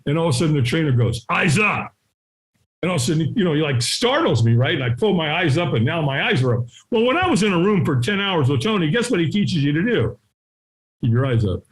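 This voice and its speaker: A middle-aged man telling a story as an interview guest, acting out the voices of people in it and sometimes shouting. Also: on the high side, big pitch swings, fast. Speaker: guest, firewalking instructor. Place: his home.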